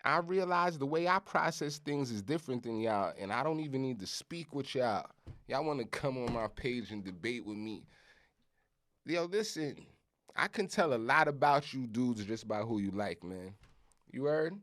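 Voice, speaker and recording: On his own podcast, a middle-aged Brooklyn man with a thick New York accent delivers a casual monologue at a moderate pace. His pitch jumps up and down, and he drives his points home with curses and "you heard?", sounding emphatic and animated.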